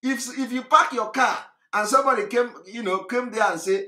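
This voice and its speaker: This Nigerian-accented man, a political activist and broadcaster from the country's southeast, gives a fiery, mocking political monologue full of passion, laughing between points. His voice is extremely high, bright and forceful at a normal speed, heard in a room with noticeable echo.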